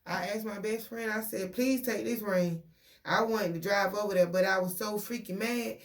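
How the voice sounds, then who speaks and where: A young woman, venting to her viewers in a casual, animated story full of quoted dialogue. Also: medium pitch, moderate pace. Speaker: vlogger.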